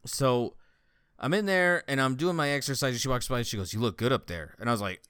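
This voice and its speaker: Man, casual chat, profane storyteller, smooth voice, dry sound. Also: medium pitch, quick pace, no room sound. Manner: profane, laughing, animated storytelling. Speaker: friend chatting.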